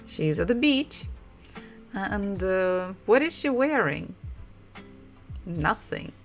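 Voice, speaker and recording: A woman with a Russian accent teaching a language lesson, slowly repeating words and laughing often. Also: mid-range voice, big pitch swings, soft background music. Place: home room.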